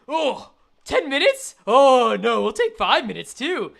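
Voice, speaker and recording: A woman voicing a rough male street thug, swaggering in a put-on British accent, in a game story read aloud. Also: high-pitched, big pitch swings, takes it slowly, fairly bright tone, full character voice. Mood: menacing.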